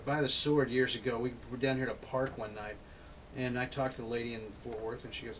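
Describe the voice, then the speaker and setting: A man's voice: medium pitch, flat delivery, fairly quick, a bit bright, slight background noise, poor audio. A man hosting a casual talk show, telling long rambling stories full of restarts. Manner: rambling anecdotes with many restarts. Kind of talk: casual chat.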